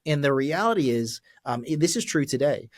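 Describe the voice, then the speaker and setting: A man in his forties, a pastor and podcast guest, telling his personal story in an earnest, halting way with many fillers and restarts. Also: medium pitch, lively intonation, dry recording, studio quality. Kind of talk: candid personal testimony in a podcast interview.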